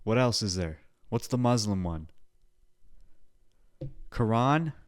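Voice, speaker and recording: A man hosting his own podcast alone, rambling in a profane pep-talk style with sudden loud outbursts. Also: lowish voice, lively intonation, slow pace, no room sound. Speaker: podcast host. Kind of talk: casual solo podcast chat.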